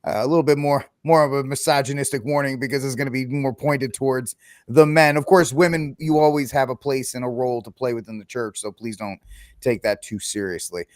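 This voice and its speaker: Host: man, mid-pitched voice, dry close-miked sound, rambling questions with fillers. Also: steady tone, a little fast, no room sound. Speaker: podcast host. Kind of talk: interview intro and questions.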